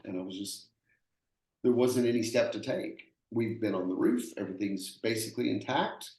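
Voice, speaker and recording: A man's voice: fairly low pitch, lively intonation, normal speed, darkish tone. A man with a Texan accent, a roofing contractor telling stories in an earnest, plainspoken way, often repeating himself. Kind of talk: conversational storytelling. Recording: echoey room.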